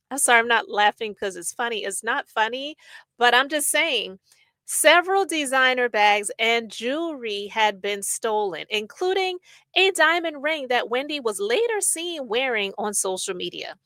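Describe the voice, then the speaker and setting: Opinionated woman podcast host, bright forceful tone, dry close sound, chatty and blunt. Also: on the high side, no room sound. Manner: chatty, opinionated, reads news aloud and riffs. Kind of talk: casual commentary podcast.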